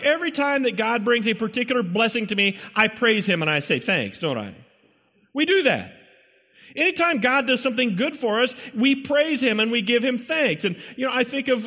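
A man preaching a sermon, pausing often to ask his congregation rhetorical questions. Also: very high-pitched, pushed and bright. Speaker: pastor. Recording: long hall reverb.

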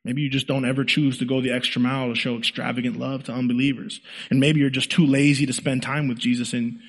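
A man preaching a sermon as pastor, telling a story with animated delivery and acting out the quoted lines. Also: medium pitch, in a large hall.

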